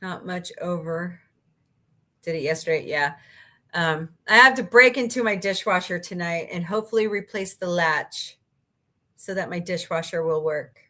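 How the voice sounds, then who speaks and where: A woman's voice: lowish voice, normal speed, bright, forceful tone. A woman hosting a casual livestream, reading out viewer comments and chatting with sarcastic jokes and laughs. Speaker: livestream host.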